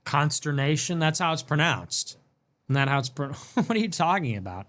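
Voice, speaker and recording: A man hosting a livestream, reading and answering viewer messages in a sarcastic, mocking way that swings between loud outbursts and low mutters. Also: very animated, moderate pace. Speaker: livestream host. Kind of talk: livestream commentary reading super chats.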